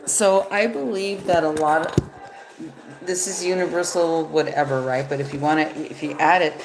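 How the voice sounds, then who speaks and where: A woman's voice: low-pitched, normal speed, background noise. A woman reading tarot cards live, talking in a loose, rambling, profane way. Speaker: tarot reader. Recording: echoey room.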